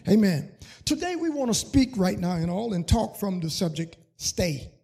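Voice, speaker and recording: A man's voice: high voice, sing-song, normal speed, vocal fry, dark tone, husky. A man preaching a sermon as pastor, repeating words and building to fervent, sung emphasis on scripture.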